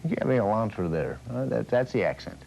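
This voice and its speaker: A man's voice: lowish voice, animated, a little fast, vocal fry, darkish tone. A male car dealership owner talking sales on a TV show, earnest, with many fillers. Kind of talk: sales talk on TV. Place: TV studio. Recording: old TV broadcast with faint hiss.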